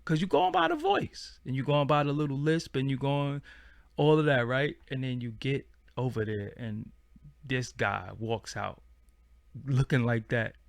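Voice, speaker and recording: A man's voice: medium pitch, expressive, a little slow, creaky, dry recording. A man, hosting a casual livestream and chatting in a slangy, rambling way. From Brooklyn, New York. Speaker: channel host.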